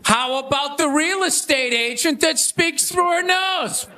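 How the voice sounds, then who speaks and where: High-voiced man doing stand-up over loud laughter. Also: unhurried, hardly any pauses. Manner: animated, shouting punchlines. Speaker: comedian and show host. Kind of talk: stand-up monologue. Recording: live club with crowd laughter and noise.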